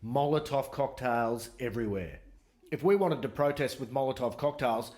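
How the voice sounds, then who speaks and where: A man's voice: mid-range voice, expressive, moderate pace, a little mellow, reverberant. An Australian man performing a stand-up comedy routine with dry, sardonic storytelling.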